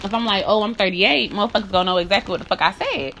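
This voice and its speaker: A woman's voice: medium pitch, racing, a bit bright, muffled recording, slight background noise. A woman talking bluntly in a candid monologue, swearing often, repeating herself and building into heated rants. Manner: profane, blunt and repetitive.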